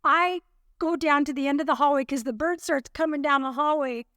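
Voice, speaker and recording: A woman's voice: high voice, brisk, dry recording, studio quality. A woman co-hosting a podcast, telling a chatty story and acting out the voices of the people in it. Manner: animated storyteller, acts out voices. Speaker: podcast co-host. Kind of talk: casual chat, storytelling.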